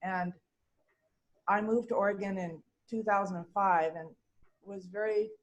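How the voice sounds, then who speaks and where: A woman speaks of her mother at an online funeral, emotional and close to tears. Her voice is soft and hesitant, with trailing pauses. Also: medium pitch, fairly even intonation, poor audio. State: emotional, holding back tears. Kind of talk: unprepared personal eulogy over video call. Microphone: video call.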